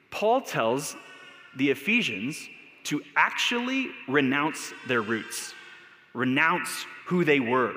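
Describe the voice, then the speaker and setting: Bright-voiced American pastor in a hall. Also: male voice, medium pitch. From United States. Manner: conversational, storytelling, filler words. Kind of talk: casual sermon. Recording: echoey hall with long reverb.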